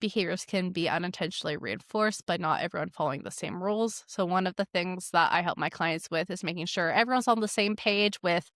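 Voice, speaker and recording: A woman's voice: fairly low pitch, a little fast, few pauses, a bit bright, dry recording, studio quality. A young woman who trains dogs, chatting casually and commenting on stories she reads aloud, with lots of "like" and amused asides. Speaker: dog trainer and podcast host. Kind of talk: casual commentary reading online posts.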